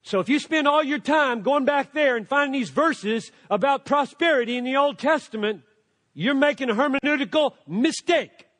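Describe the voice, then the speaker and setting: An older man preaches with a high, ringing voice that carries a long reverb through a big hall. He drives his points with emphatic declarations, then drops into quiet, conversational asides. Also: moderate pace. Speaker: pastor. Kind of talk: sermon.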